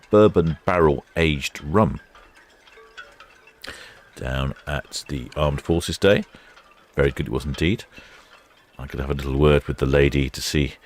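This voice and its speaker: A man hosting a ship-watching livestream, talking casually in a chatty, rambling way with many fillers. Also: extremely low pitch. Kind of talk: casual live commentary.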